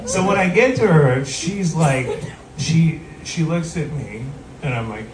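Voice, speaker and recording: A man's voice: a little high, animated, normal speed, crowd noise. A middle-aged man doing stand-up, telling a long rambling story with asides and acted quotes. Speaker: stand-up comedian. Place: live comedy venue with audience. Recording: roomy live recording from a distance, loud ambience. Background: audience laughter.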